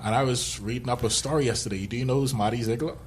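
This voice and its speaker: A man's voice: medium pitch, very fast, slight background noise. A man co-hosting a podcast in casual chat, rambling, joking and laughing often. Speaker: podcast co-host.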